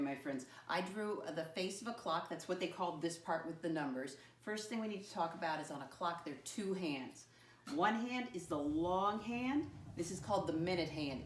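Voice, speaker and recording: A woman's voice: on the low side, slight background noise. A woman teaching a first-grade lesson, encouraging and patient. She calls the children her friends and spells words out letter by letter. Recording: echoey room, voice from a distance.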